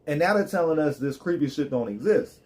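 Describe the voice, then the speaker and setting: A man's voice: a little high, animated, fairly quick, a little mellow. A man live streaming, ranting in loose, joking street slang with plenty of swearing. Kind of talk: casual profane rant.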